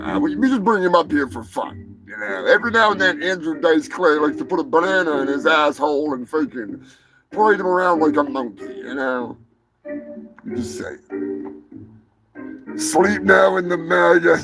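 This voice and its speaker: A man's voice: on the high side, expressive, normal speed, over music, rough recording. A man hosting a live show, rambling through profane, joking rants. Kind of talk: rambling live-stream monologue.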